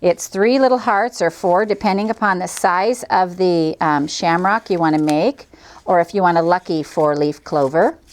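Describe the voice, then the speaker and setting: A woman's voice: lowish voice, moderate pace. A middle-aged woman hosting a quilting tutorial, chatting cheerfully and folksily as she demonstrates each step. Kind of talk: friendly craft demonstration.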